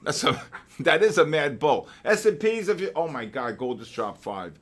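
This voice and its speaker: Excitable male trading-stream host. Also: on the high side, moderate pace. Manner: excitable, laughing, calls out market moves. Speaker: host of a live trading session. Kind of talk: live-stream trading chat.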